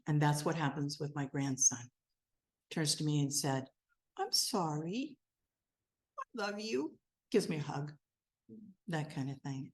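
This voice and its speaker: An older woman minister giving a sermon, gentle and earnest, sinking to a soft, quiet voice as she leads a guided meditation. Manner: gentle, earnest and softly spoken, dropping low and quiet.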